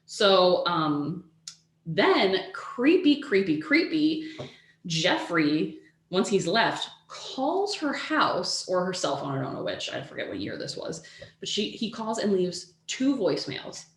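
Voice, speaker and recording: A woman co-hosting a podcast, telling a true-crime story in casual chat, animated, with lots of "like" and the odd swear word. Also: fairly low pitch, slow pace, echoey room. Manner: animated, swears freely, says "like" a lot.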